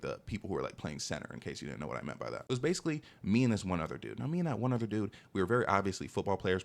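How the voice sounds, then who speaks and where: A man's voice: low voice, gravelly. A young man telling a personal story in a casual, exasperated storytime monologue, constantly saying "bro". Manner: animated, exasperated, peppers speech with "bro".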